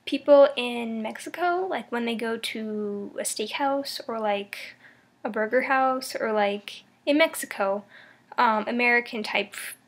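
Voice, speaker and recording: A woman's voice: a little high, measured pace, creaky. A young woman talking casually to camera in a vlog, sharing her thoughts in a rambling, thoughtful way with many fillers and restarts. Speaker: vlogger.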